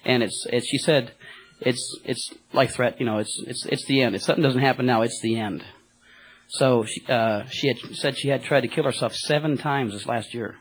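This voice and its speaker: A man, a cab driver, telling a rambling, excited testimony to a church group, full of fillers and restarts. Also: mid-range voice, moderate pace, husky, rough recording.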